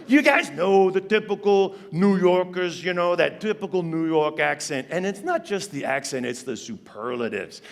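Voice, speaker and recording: A man doing stand-up comedy on a theater stage, animated and ironic as he talks to the audience. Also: sits high, normal speed, creaky, few pauses. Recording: long reverb of a stage hall.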